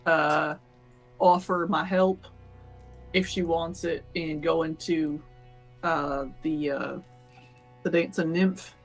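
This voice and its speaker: A man's voice: fairly high pitch, fairly even intonation, slow pace, long pauses. A man playing a tabletop role-playing game in an easygoing way, laughing often. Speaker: player. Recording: music bed behind.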